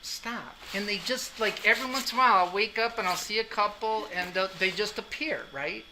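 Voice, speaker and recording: A man voicing a worn-out older male army veteran with a gravelly voice, speaking quietly and flatly. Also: sits high, fairly quick, noisy background, voice pushed up. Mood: puzzled.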